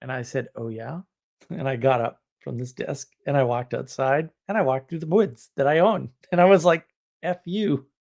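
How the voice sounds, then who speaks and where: A man's voice: mid-range voice, moderate pace, gravelly, darkish tone. A man hosting a live stream, chatting casually in a rambling way and laughing at his own stories. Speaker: livestream host.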